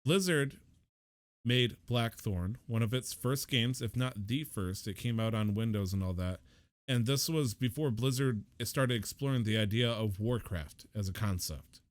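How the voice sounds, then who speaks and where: A man's voice: lowish voice, normal speed, dry recording. A man co-hosting a casual podcast, rambling and joking and swearing casually. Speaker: podcast co-host.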